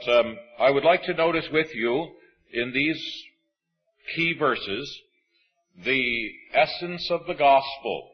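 Measured man preaching a sermon. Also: mid-range voice, husky, muffled recording. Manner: measured, emphatic preaching with slow stresses. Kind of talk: sermon reading from scripture.

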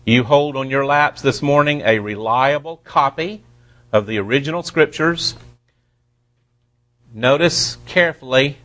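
A pastor preaching a sermon to his congregation, slowing down to stress key words and dropping playful asides. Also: mid-range voice, fairly bright tone.

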